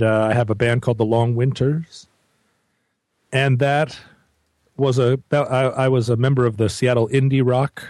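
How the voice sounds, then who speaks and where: A man who is a musician, speaking as a podcast guest in a wry, rambling way with deadpan jokes. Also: mid-range voice, no room sound. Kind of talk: casual podcast chat.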